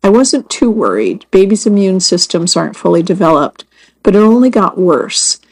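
A woman reading first-person magazine stories aloud as scripted narration, in a measured and earnest way. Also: medium pitch, sing-song, a little mellow, slightly rough, poor audio. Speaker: magazine story reader.

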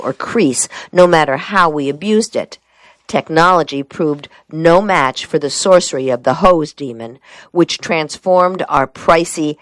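Low-voiced woman reading a wry memoir. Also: no room sound. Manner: wry, dry storytelling. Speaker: audiobook narrator. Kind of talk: first-person memoir narration.

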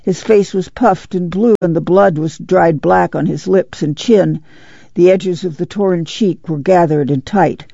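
A reader narrating a novel in a steady, even, gravelly voice. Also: medium pitch, unhurried, no room sound. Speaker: audiobook reader. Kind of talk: scripted narration. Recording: muffled, dry.

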